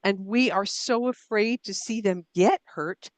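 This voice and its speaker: A woman's voice: medium pitch, a little slow, dry recording. A middle-aged woman answers a host's questions thoughtfully, poking fun at herself and circling back with restarts and fillers. Her voice sits mid-range and sounds dry and close to the mic. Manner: thoughtful, self-deprecating, frequent fillers and restarts. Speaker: author and writing coach, guest. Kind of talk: conversational interview.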